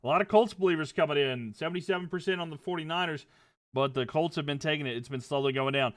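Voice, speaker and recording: A young man giving casual play-by-play commentary on a livestream, getting louder on big plays and dropping low when he talks to viewers. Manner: rises and quickens on big plays, drops low chatting with viewers.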